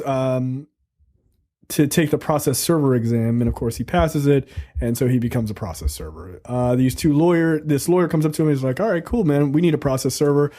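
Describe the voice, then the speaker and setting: A man's voice: on the high side, mellow. A man hosting a casual movie review podcast, recapping the plot in a loose, profane, joking way. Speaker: podcast host reviewing a film. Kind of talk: casual chat.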